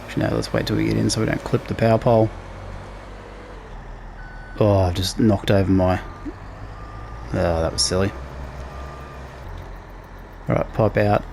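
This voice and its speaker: Low-voiced man narrating gameplay. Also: moderate pace, gravelly, pauses often, a little hiss or hum. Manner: relaxed, talks through each task as he plays. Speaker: gaming channel host. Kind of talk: casual let's play commentary.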